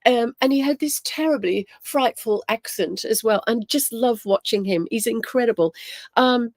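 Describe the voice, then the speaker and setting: A woman's voice: on the high side, moderate pace, a little mellow, no room sound. Chatty woman, dry close sound. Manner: chatty storytelling, frequent ums, greets viewers by name. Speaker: spiritual teacher hosting a livestream. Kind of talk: casual livestream chat with viewers.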